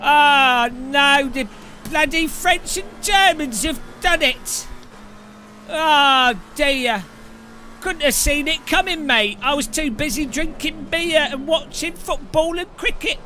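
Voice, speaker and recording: A man voicing a lazy, beer-loving British bloke in an exaggerated cliche British accent, loud and chummy. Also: extremely high pitch, fast, hardly any pauses, slight background noise.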